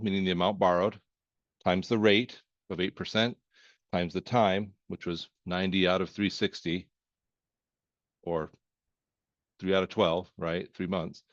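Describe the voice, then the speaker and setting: A man teaching accounting in a relaxed lecture, walking through problems step by step with folksy jokes and asides. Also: low-pitched, no room sound. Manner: folksy and joking, with verbal asides. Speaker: accounting instructor. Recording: dry, slightly dull screen-recorded voice.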